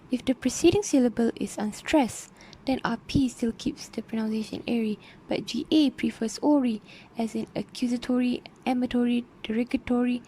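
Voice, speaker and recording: A woman's voice: fairly high pitch, creaky, warm tone, low-quality recording. A woman student reading a phonetics presentation, going steadily through word lists. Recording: faint background noise.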